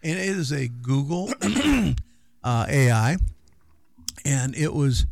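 A man's voice: medium pitch, takes it slowly, gravelly, darkish tone, no echo. A middle-aged man co-hosting a radio show in loose, rambling casual chat with many fillers. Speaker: radio co-host.

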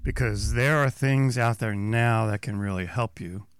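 A man's voice: fairly low pitch, a little slow, clean tone, no room sound. A man co-hosting a casual radio chat, dropping wry quips. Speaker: radio co-host.

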